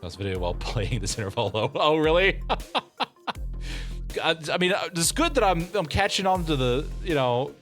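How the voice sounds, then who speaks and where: A male streamer chatting through a game, joking and breaking into laughter. His pitch swings widely as he reacts. Faint music plays underneath. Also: expressive, a bit bright. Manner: playful, quick to laugh, exclaiming. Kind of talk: live game commentary.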